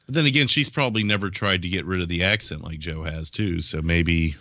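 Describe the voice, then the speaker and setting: Man, casual call-in chat, easygoing, bright tone, muffled lo-fi call audio, dry. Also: low voice, brisk, no room sound. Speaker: regular guest on a call.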